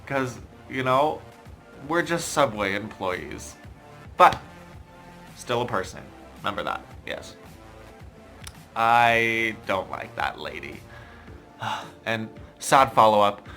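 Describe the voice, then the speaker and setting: A young man vlogging a casual story in an animated, exasperated, self-mocking way. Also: lowish voice, takes it slowly, pauses often, soft background music. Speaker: YouTuber.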